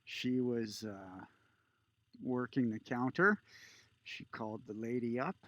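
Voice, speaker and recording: A man casually telling a personal story, relaxed and conversational with filler pauses. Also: medium pitch, dry recording, muffled recording. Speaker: vlogger.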